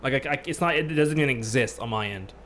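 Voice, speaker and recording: A man ranting on a casual podcast, telling a story, swearing freely and getting loud when angry. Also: medium pitch, fast, a little hiss or hum. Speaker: podcast host.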